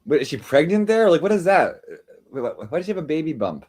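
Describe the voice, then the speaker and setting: Rambling, teasing male streamer with lively pitch. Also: fast, breathy edge. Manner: rambling, teasing, jumps between jokes and chat replies. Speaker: live stream host. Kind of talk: casual live-stream chat reading comments.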